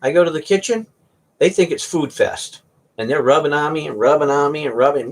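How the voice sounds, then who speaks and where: A man's voice: on the high side, sing-song, normal speed, pauses often, slightly rough. A man hosting a casual chat, rambling through stories about his cats and sometimes mimicking their meows. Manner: rambling storyteller, imitates cats meowing. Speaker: host.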